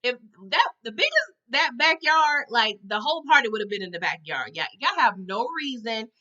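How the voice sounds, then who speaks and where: Dull, lo-fi sound carries a woman's casual, dramatic TV episode recap delivered at normal speed. She's animated, her voice bright and a little high, and she keeps punctuating things with "okay?" and "all right?".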